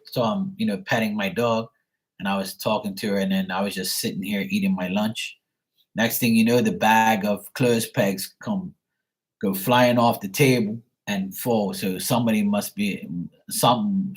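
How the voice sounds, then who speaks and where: In a fairly low, slightly rough voice on a rough recording, a male psychic reads tarot on a livestream from home. He tells rambling stories casually and swears freely.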